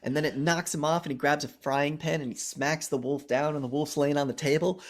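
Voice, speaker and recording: Animated man recapping a horror movie. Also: fairly high pitch, fairly quick. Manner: animated storytelling, heavy swearing, acts out quotes. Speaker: podcast co-host.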